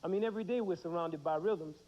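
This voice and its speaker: A man in his thirties teaches children about music, putting questions to the class and then answering them himself. His voice sits a little high. The sound is dull, like a 1990s TV broadcast. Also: fast. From United States. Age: 30s.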